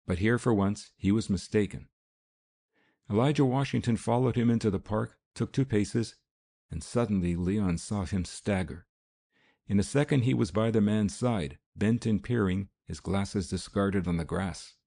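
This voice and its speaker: A man reads a classic novel aloud in a steady, measured way. His voice is very deep and gravelly, with a dark, mellow tone. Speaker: audiobook narrator. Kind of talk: scripted narration.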